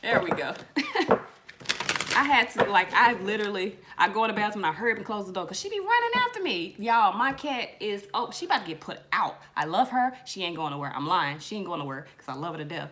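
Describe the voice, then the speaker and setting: A middle-aged woman doing a casual tarot reading, telling lively stories in slang and swearing as she talks to her viewers. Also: mid-range voice, quick pace. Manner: animated storytelling, slangy, swears, addresses viewers as y'all. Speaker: tarot reader.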